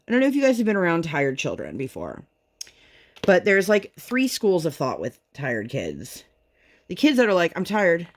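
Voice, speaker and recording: A woman chatting casually at home while she crafts, venting and telling her story in an animated way. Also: deep voice. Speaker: vlogger and mother.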